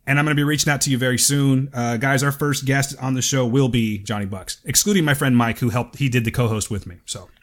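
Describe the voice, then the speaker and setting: A man co-hosting a casual podcast chat, rambling and swearing freely, quick to laugh. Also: mid-range voice, steady tone. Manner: profane, laughs easily, rambling. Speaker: podcast co-host.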